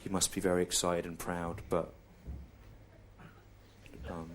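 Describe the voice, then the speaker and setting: A middle-aged English man doing a stand-up comedy routine, deadpan and laid-back with lots of repetition. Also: sits low, a little slow, background noise. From England.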